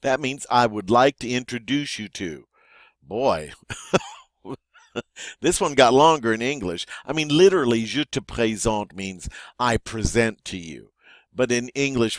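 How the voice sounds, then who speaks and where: A man's voice: lowish voice, no echo, clean studio sound. A man teaching a vocabulary lesson, saying each word twice and then giving its meaning. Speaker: French teacher.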